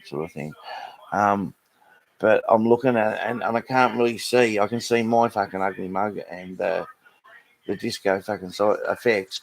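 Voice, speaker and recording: A man's voice: lowish voice, creaky, slight background noise, rough recording. An Australian man rambling through a sweary, casual rant to a live audience, full of restarts. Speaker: live streamer.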